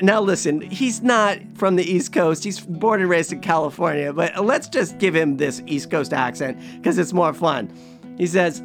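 Man, podcast host, casual rambling monologue, self-mocking, fairly high voice, faint music behind. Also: moderate pace.

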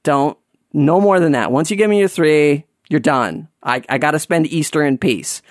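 A man's voice: a little high, normal speed, dry recording, clean studio sound. A man casually telling an anecdote, rambling with lots of fillers and restarts.

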